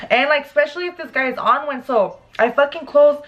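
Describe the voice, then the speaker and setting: A young woman with a fairly high voice tells a story in a casual vlog while she does her makeup. She talks in an animated, profane way and leans hard on "like" as a filler. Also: normal speed, dull audio. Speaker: beauty vlogger.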